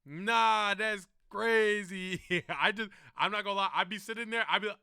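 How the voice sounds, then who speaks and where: A man's voice: sits high, normal speed, gravelly, clear, resonant tone, dry recording, clean studio sound. A young man streaming and reacting to videos, chatting casually with lots of slang like bro and gang. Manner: slangy and animated, calling the listener bro and gang.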